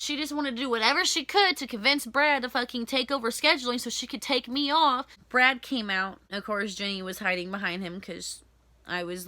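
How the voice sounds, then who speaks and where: Young woman vlogger, high bright voice, close and dry, heated profane story-time rant. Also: brisk, no room sound.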